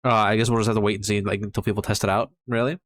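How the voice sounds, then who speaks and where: A man's voice: on the low side, little pitch movement, rapid-fire. A young man who is sick, giving casual, rambling commentary on a mobile game card, enthusiastic and full of fillers and restarts. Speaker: mobile game content creator.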